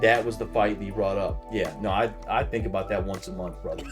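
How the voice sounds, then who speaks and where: A man in his thirties, a podcast co-host, telling a story in casual chat. He swears freely and acts out his shouted reactions. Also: on the low side, brisk, music in the background.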